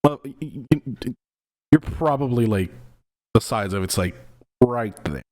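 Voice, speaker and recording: A young man co-hosting a podcast in casual chat, quick and laid-back, explaining facts with casual swearing. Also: mid-range voice, animated, darkish tone, no echo. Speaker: podcast co-host.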